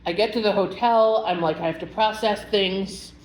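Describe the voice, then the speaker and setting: A woman's voice: medium pitch, normal speed. A young woman telling a personal story in a casual vlog, rambling and emotional, with many filler words. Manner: chatty, rambling, full of "like" fillers; emotional, animated retelling. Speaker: vlogger. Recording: roomy echo with faint background hum.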